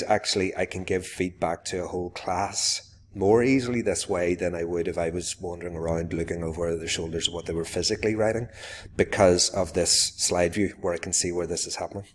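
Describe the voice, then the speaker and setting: Man, teacher, very low voice, live lesson demo, addresses pupils directly, faint background noise. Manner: explains to viewers, then calls out warmly to pupils. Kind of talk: live classroom demonstration.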